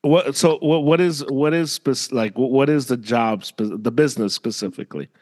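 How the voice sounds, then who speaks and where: A man co-hosting a relaxed podcast, speaking at an ordinary middle pitch. He keeps to short, casual backchannels and quick questions, often breaking into his own sentences. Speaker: podcast co-host. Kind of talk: casual interview chat.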